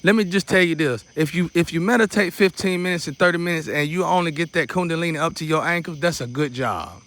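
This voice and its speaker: A man's voice: fairly high pitch, fast talker, a bit bright. A man teaching a guided meditation in a loose, repetitive, casual way, dropping in preacherly asides. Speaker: spiritual teacher.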